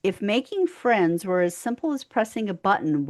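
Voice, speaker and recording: A woman's voice: mid-range voice, big pitch swings, moderate pace. A woman co-hosting a podcast, chatting casually and finishing her co-host's sentences. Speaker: podcast co-host.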